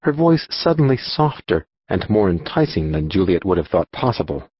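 Man, audiobook narration, lively storytelling, dry dull-sounding studio recording. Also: low voice, moderate pace, husky, dry recording. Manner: expressive storytelling, voicing dialogue.

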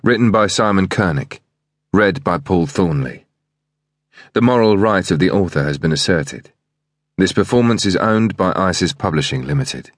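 A man narrating an audiobook thriller in the first person, reading in a measured, steady way. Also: sits low, no echo, studio quality.

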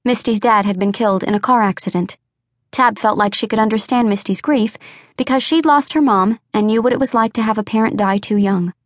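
A woman narrating an unabridged audiobook in a measured, even storytelling voice. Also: medium pitch, no room sound, clean studio sound.

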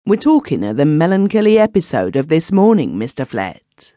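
A man's voice: on the high side, big pitch swings, normal speed, dark tone, dry recording, muffled recording, voice pushed up. A man voicing Migsworth, a pompous widower in an audiobook, speaking firmly and lecturing. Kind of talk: audiobook character voice.

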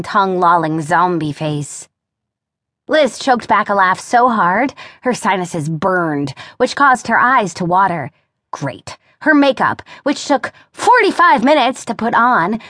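A woman narrating an audiobook with wry, expressive storytelling and a voice of middling pitch. The sound is close and dry, with no room sound around her. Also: no echo. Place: recording studio. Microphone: close studio mic.

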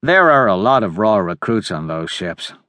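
A man's voice: lowish voice, sing-song, moderate pace, pushed and bright, no echo, clean studio sound. A man doing a lazy, grumbling young admiral. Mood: wry grumbling. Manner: drawling, grumbling.

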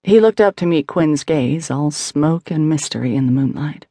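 A woman reading scripted narration for a fantasy romance audiobook, measured and expressive. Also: deep voice, no echo, clean studio sound.

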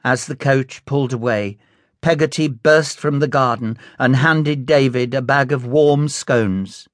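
A man reads a classic novel aloud in a measured, unhurried manner. His voice sits at a middle pitch and moves at a slow, careful pace. The recording is close and dry, with no room sound. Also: no echo. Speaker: audiobook narrator. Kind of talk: scripted narration.

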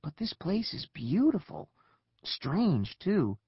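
A man voicing a bold, cheerful young girl who talks briskly and a little bossily in a children's audiobook. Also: sits high, very animated, husky, no room sound, lo-fi sound, voice pushed up, exaggerated voice.

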